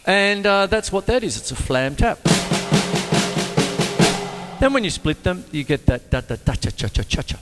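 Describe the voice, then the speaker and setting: A man teaching drums in a casual, jokey way, talking between demonstrations and breaking into sudden high exclamations. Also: sing-song, normal speed, pauses often, loud music behind the voice. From Australia. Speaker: drum teacher and show host. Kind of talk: casual drum lesson with demonstrations. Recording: reverberant room with loud drumming behind.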